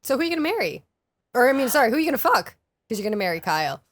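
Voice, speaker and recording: A woman's voice: fairly high pitch, sing-song. A woman co-hosting a casual podcast chat, teasing her friend and laughing often. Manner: teasing, giggly, quick to laugh. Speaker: podcast co-host.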